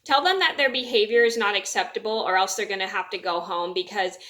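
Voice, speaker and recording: Bright-voiced young woman rambling a story. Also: mid-range voice, fairly quick. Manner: rambling with many fillers and restarts. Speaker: vlogger. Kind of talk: casual storytelling.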